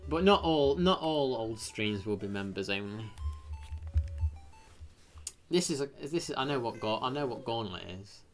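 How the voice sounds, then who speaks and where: A British man rambles casually on a live stream, thanking viewers in the chat and breaking into sudden excited exclamations. He has a mid-range voice at a moderate pace with frequent pauses, and soft music plays in the background.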